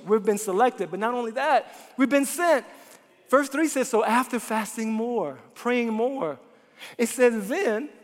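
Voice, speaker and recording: Man preaching, high voice, impassioned, loud to hushed, long church reverb. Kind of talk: sermon. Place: church sanctuary.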